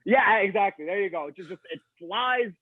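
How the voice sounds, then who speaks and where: A young man with a fairly high voice chats casually about a film, stumbling over and repeating words as he goes. The sound is thin and phone-like, and completely dry. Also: expressive, normal speed, no room sound. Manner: stammering, repeats words as he talks. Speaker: movie review co-host. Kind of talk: casual chat.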